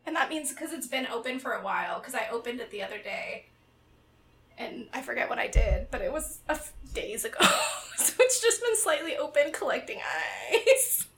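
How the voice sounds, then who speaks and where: A young woman chatting casually with friends, giggling often and telling animated stories. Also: on the high side, normal speed. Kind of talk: casual chat among friends.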